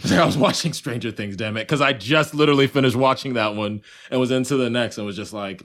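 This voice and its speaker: A young man co-hosting a podcast in casual chat, animated and profane, acting out his own reactions as he talks. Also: medium pitch, quick pace, hardly any pauses. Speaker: podcast co-host.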